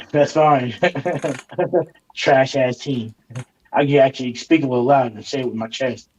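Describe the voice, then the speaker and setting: A man co-hosting a casual sports debate, argumentative and teasing, a little hoarse from arguing. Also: medium pitch, normal speed, darkish tone, highs cut off, slight background noise. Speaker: show co-host.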